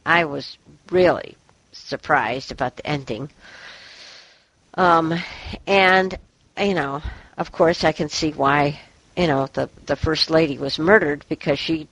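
Slow, hesitant woman in a book chat. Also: low-pitched, a bit bright, breathy edge, low-quality recording. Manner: hesitant, halting, with many fillers. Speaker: book club member. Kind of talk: casual book discussion.

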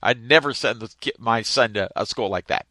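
A man in a casual group discussion about books, giving lively, opinionated asides. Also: mid-range voice, fairly quick, no room sound.

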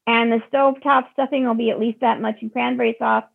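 A woman's voice: on the high side, steady tone, quick pace, creaky, slightly rough, narrow, tinny audio. A woman chatting in a casual group call, rambling and self-deprecating.

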